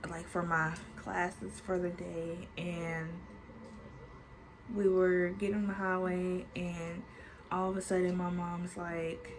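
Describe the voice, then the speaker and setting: Slow-talking woman in her twenties. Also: lowish voice, little pitch movement, a little hiss or hum, poor audio. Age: 20s. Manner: chatty, swears freely, many filler likes. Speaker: storytime vlogger. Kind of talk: casual storytelling.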